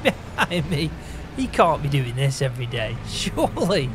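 A man's voice: a little high, very animated, moderate pace, slight background noise. A man playing a farmhand in a game roleplay, teasing and chuckling in banter.

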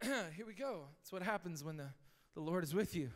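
A man preaching a sermon as pastor, talking casually and rising to shouted emphasis, recorded live in a church. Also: sits high, lively intonation, moderate pace. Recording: live church hall reverb.

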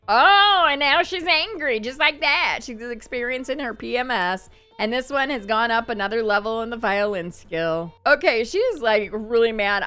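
A chatty woman hosting a gaming channel, talking through her game in a casual, upbeat way and laughing often. Her voice is bright and smooth, and faint game music plays behind her. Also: mid-range voice. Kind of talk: casual gameplay commentary.

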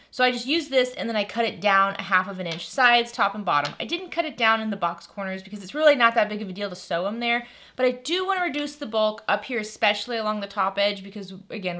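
Bright, fast-talking woman sewing host. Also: medium pitch. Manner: chatty and enthusiastic, lots of fillers. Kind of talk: sewing tutorial.

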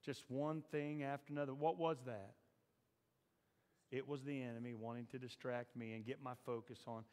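A man preaching a sermon in a church, shifting from low, confiding talk to loud, shouted exhortation. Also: steady tone, normal speed, long reverb tail. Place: church sanctuary.

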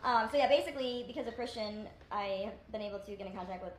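Her voice is medium-pitched and quick, with slight background noise, as she chats casually on her vlog in an echoey room. The woman YouTuber is indoors at a rental with friends, rambling, self-deprecating, and full of fillers.

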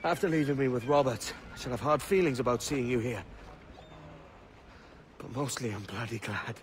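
An actor playing a brash young pirate captain who answers back in anger, in a game cutscene. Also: male voice, mid-range voice, moderate pace, a little hiss or hum, natural voice. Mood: weary. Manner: defiant, shouting in anger.

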